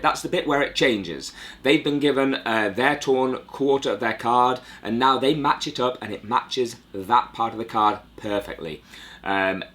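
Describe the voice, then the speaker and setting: A man's voice: lowish voice, a bit bright. Chatty guy reviewing magic. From United Kingdom. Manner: chatty, rambling, self-deprecating. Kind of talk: casual review monologue.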